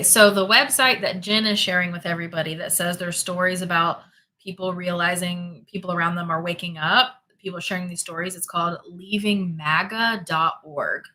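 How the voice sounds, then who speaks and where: Bright-voiced, chatty woman host. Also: fairly low pitch. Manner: chatty, emphatic, repeats herself. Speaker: host of a spirituality livestream. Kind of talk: casual livestream talk reading viewer comments.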